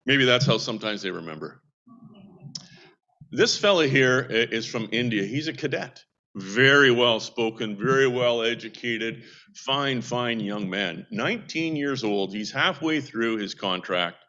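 A man's voice: medium pitch, animated, unhurried, sharp tone. Rambling storyteller man, dull lo-fi sound. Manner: rambling anecdotal storytelling with restarts. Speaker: seamen's mission worker. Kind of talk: casual ministry update.

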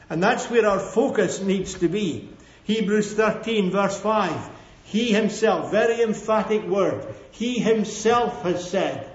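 A man preaching a sermon to a congregation, emphatic and repeating his key phrases, often calling for an amen. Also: sits high. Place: church hall with a congregation. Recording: echoey, dull lo-fi sermon recording.

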